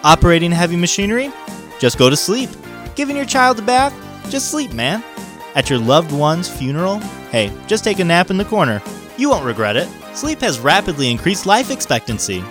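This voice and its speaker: A man's voice: sing-song, fairly quick, music in the background. A man voicing an overexcited infomercial announcer in a spoof ad. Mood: hyped. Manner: loud, punchy sales pitch.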